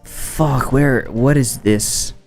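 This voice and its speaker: A man's voice: mid-range voice, extremely slow, creaky, soft background music. A man chatting casually on a live stream while coding, rambling, swearing and breaking off mid-sentence. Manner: rambling, swearing, self-interrupting. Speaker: streamer and game developer.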